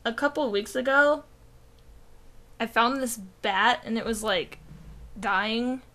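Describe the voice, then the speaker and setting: A woman's voice: a little high, takes it slowly, sharp tone. A young woman co-hosting a podcast, telling a rambling story in casual chat, full of "like" and swearing. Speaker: podcast co-host.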